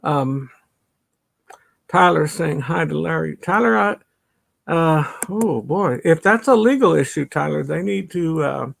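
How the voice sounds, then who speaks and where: A man's voice: fairly high pitch, lively intonation, measured pace. A middle-aged man from the suburbs, chatting casually on a livestream, greeting viewers by name and laughing often, a little stuffy from allergies. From northern suburbs of Chicago. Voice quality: gravelly, husky. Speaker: livestream host. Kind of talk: casual live-stream chat reading comments.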